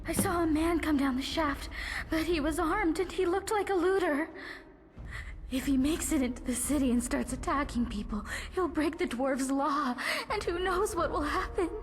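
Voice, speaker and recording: A woman's voice: sits high, moderate pace, lightly acted. An actress voicing a flustered, self-deprecating townswoman in a video game who rambles and trips over her words. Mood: panicked. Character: anxious married townswoman, floor sweeper, bitter and self-deprecating. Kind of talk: video game character dialogue. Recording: game audio with long reverb and faint music.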